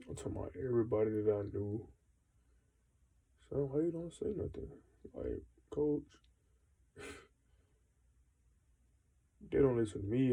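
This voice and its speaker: Dark, gravelly young man venting. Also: medium pitch, low-quality recording. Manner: frustrated, rambling, heavy slang and swearing. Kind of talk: casual venting monologue.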